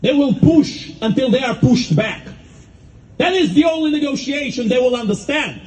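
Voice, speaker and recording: A man delivering an impassioned public speech with fervent, rhetorical emphasis and dramatic pauses. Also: very high-pitched, expressive, darkish tone, low-quality recording. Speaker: speaker at a rally.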